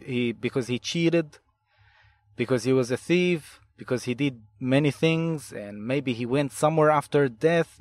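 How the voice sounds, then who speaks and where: A man's voice: mid-range voice, dry recording. Dry-voiced man telling therapy cases. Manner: deliberate, repeats and restarts phrases. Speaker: hypnotherapy instructor and podcast host. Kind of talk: podcast monologue recounting client cases.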